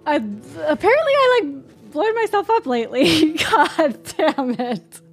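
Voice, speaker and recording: A woman streaming a video game, reacting excitedly, cursing and laughing and yelping when startled. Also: sits high, unhurried, faint music behind. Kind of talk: live gameplay reactions.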